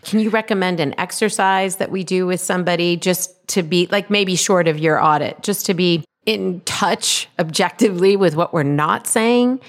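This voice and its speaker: A woman's voice: fairly low pitch, moderate pace, few pauses. A woman hosting a podcast interview, asking thoughtful, searching questions. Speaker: podcast host.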